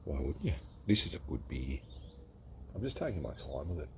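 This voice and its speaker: A man's voice: rumbling low, big pitch swings, normal speed, gravelly, slight background noise. An Australian man reviewing a craft beer outdoors at home, chatty and self-mocking, rambling from one topic to the next. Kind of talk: casual rambling vlog.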